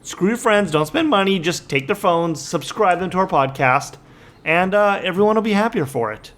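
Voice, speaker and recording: A man's voice: high-pitched, expressive, moderate pace, fairly bright tone. A man co-hosting a podcast, bantering with jokes and sarcasm. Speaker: podcast co-host. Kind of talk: casual chat.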